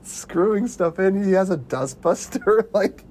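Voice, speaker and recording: A young man co-hosting a casual movie chat podcast, animated and laughing often, full of fillers. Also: high-pitched, unhurried, slight background noise. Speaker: podcast co-host.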